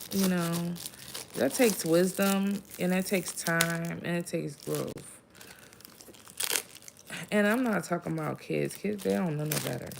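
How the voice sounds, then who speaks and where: A low-pitched woman with a heavily gravelly, fry-laden voice gives a casual spiritual pep talk. She is blunt and profane and rambles through many fillers. A faint hiss of noise sits behind her. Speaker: vlogger giving motivational talk.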